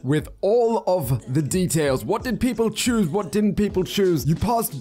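A man commentates on a story game with loud, slangy reactions. His voice sits fairly high for a man. Faint music plays behind him. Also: lively intonation, a little slow. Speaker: gaming commentator. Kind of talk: let's play commentary.

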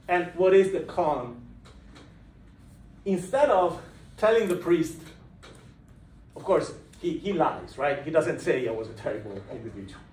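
A man giving a university lecture, explaining lively and putting questions to his students in a lecture room. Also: on the high side, distant mic. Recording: echoey room recorded from afar, faint noise.

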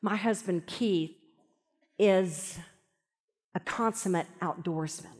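Woman, 60s, husky, sermon storytelling, soft whispers for emphasis, long hall reverb. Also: lowish voice, slow pace. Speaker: Bible teacher. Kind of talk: sermon at a live event. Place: large event hall.

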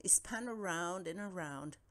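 Slow, expressive woman reading a children's book. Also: on the low side. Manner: gentle, expressive storytelling. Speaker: storybook reader. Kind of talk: children's read-aloud narration.

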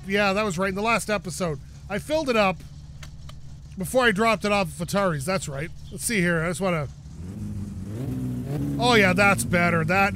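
In casual let's-play commentary, a young gaming YouTuber with a high, pushed, bright voice describes his own gameplay, talks to himself, and swears out of frustration. Slight background noise is present.

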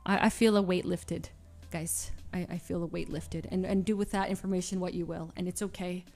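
A woman streamer making an emotional confession to her audience. She talks haltingly, restarting phrases and filling gaps with nervous little laughs. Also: lowish voice, fairly even intonation, mellow, soft background music. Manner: halting and searching, with many restarts and fillers.

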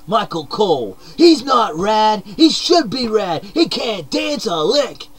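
A young man putting on a hyper, upbeat surfer-dude character with a mullet, talking to camera in an excitable, shouty comedic monologue full of slang. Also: sits high, slow, a crowd in the background, full character voice. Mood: boastful.

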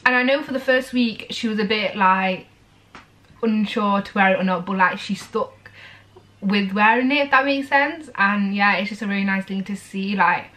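Speaking at normal speed in a medium-pitched, fairly bright voice, a young female vlogger chats casually to the camera. She rambles with lots of fillers and comes across as tearful and emotional.

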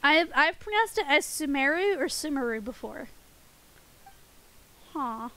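A woman's voice: high-pitched, very animated, takes it slowly, pushed and bright, low-quality recording. A woman streaming a game and chatting playfully with her viewers, giggling often. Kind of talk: casual game stream chat with chat.

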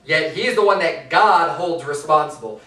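High-voiced preacher in an echoey church. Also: male voice, normal speed, bright, forceful tone, distant mic. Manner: reads scripture aloud, then explains it in loose everyday talk; rises in pitch and force when stressing a point. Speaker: pastor. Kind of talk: sermon.

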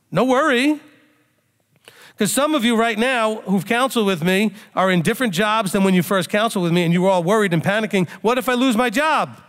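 A man preaching a sermon as a rabbi, teaching in a conversational way and now and then acting out a panicked outburst. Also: sits high. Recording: reverberant hall.

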